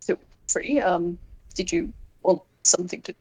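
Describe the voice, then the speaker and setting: A woman voicing a kind, fatherly male toon who fusses gently with soft hesitations. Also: lowish voice, unhurried, husky, poor audio. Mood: gentle. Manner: gentle, fussing, hesitant fillers.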